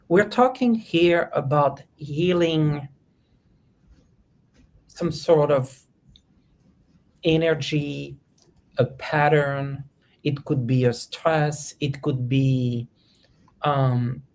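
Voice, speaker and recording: A man reads tarot cards for a viewer on a live stream. He speaks in an unhurried, measured way and pauses to find the right words. His tone stays thoughtful and searching. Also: a little high, darkish tone. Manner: slow, reflective, searching for words. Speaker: tarot reader.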